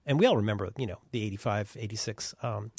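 A man's voice: on the low side, quick pace, gravelly, dry recording, clean studio sound. A man co-hosting a podcast, telling rambling, wry stories in casual chat and swearing freely. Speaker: podcast co-host.

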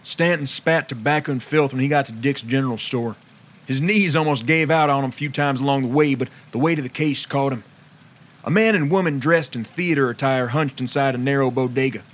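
A man's voice: mid-range voice, brisk. A man narrating a scripted historical story, with folksy, wry asides.

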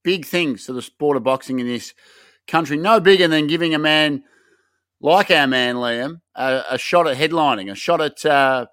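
A man's voice: on the high side, moderate pace, fairly bright tone, no room sound. A man co-hosting a casual podcast, building up segments with over-the-top hype. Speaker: podcast co-host.

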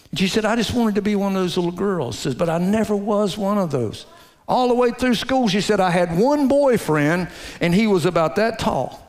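A man preaching a sermon, telling a story in a folksy way and dropping to a hushed low voice to stress his points. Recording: long hall reverb.

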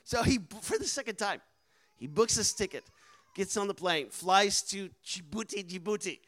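A man with a high, light voice tells a mission-field story in a lively storytelling style. He speaks with animated energy and pushes up to loud, emphatic moments. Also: normal speed. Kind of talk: storytelling sermon.

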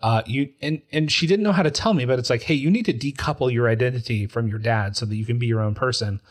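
A man in his forties talks through a TV drama in a relaxed podcast chat. His voice sits at a middling pitch, and his delivery is emotional and animated. He breaks into quoted voices as he tells a personal story. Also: fast talker. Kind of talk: casual chat about a TV show.

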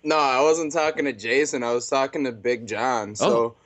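A man in an interview, telling stories in a laid-back, animated way over a video call. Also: medium pitch, moderate pace. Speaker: fighter guest. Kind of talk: casual storytelling interview.

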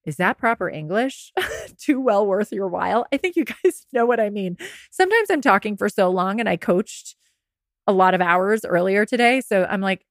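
A woman's voice: mid-range voice, animated, moderate pace, dry recording, clean studio sound. A woman podcast host coaching listeners through heartbreak in a casual, candid monologue, swearing now and then and laughing at herself.

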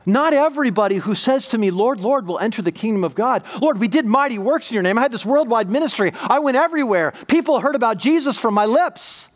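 A middle-aged pastor preaching a sermon with emphatic, repeating bursts of speech. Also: male voice, very high-pitched, animated, quick pace, few pauses.

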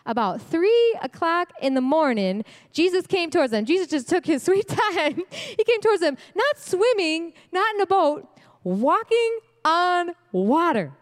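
A woman delivering a sermon at a women's event, animated and slangy, laughing often. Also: extremely high pitch, a little slow. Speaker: speaker at a women's ministry event. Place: church event hall. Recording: long hall reverb.

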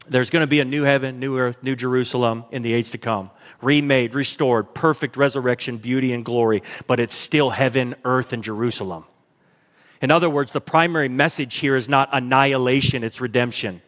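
A man preaching a sermon to his congregation in a church, energetic and urging, often exclaiming. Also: mid-range voice, moderate pace. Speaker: pastor. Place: church sanctuary. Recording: long church reverb.

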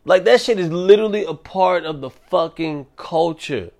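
A young man hosting a solo podcast, ranting in a profane, animated way. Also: high voice, moderate pace. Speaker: podcast host.

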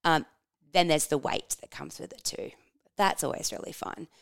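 A woman in her thirties tells personal stories frankly, swearing freely and laughing as she goes. Her voice sits a little low and sounds smooth and resonant. It is recorded close and dry, with no room sound. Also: moderate pace, no room sound. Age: 30s. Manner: frank and animated, swears casually, laughs while telling stories. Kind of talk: personal storytelling, candid and confessional.

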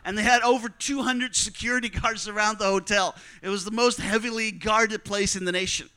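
Bright, high-voiced man telling a story. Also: a little fast, smooth. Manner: animated, joking, acts out dialogue. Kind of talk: personal travel story told to an audience.

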